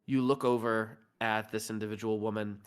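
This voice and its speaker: A man's voice: on the low side, normal speed, smooth. A man running a tabletop role-playing game as dungeon master, narrating loosely with many fillers. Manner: relaxed, filler-heavy improvising.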